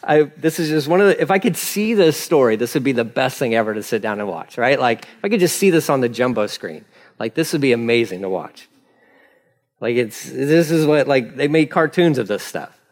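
A male pastor giving an animated, conversational sermon with frequent laughter. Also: mid-range voice, fairly quick. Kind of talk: casual sermon.

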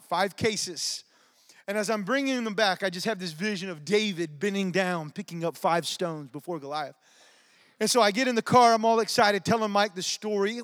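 A man telling a testimony and teaching in a church, animated and casual, tossing in "man" and "y'all". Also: high voice, no echo, studio quality. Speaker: preacher teaching on dreams.

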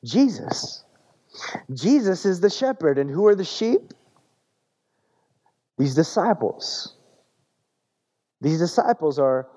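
A man preaching a sermon in a relaxed, conversational way, often repeating words as he searches for the phrase. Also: fairly high pitch, muffled recording. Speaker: pastor.

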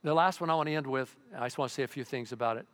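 An older man preaching a sermon as pastor, in a conversational way with sudden loud, excited bursts. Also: mid-range voice, rapid-fire.

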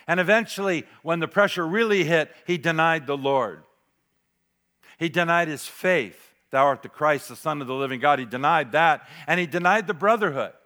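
A man preaching a sermon as pastor, dramatic, swinging between loud declarations and near-whispered asides. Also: on the high side. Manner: dramatic, varies loudness, drops to near whisper for emphasis.

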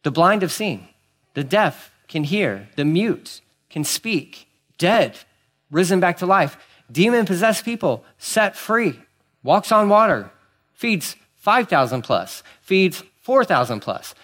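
A married man preaching a conversational sermon, swinging between hushed asides and emphatic, incredulous exclamations. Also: high voice, sing-song, slow. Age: adult, married. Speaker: pastor.

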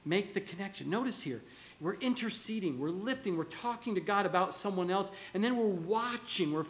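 A pastor preaching a sermon, telling stories in an animated way and chuckling now and then. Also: male voice, sits high, moderate pace.

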